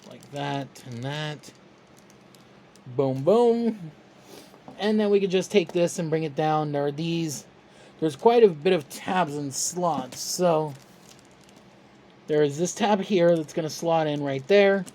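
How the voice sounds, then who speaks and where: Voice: medium pitch, slow, pauses often, a little hiss or hum. Casual chatty toy reviewer. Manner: relaxed, chatty and self-deprecating. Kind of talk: casual step-by-step tutorial.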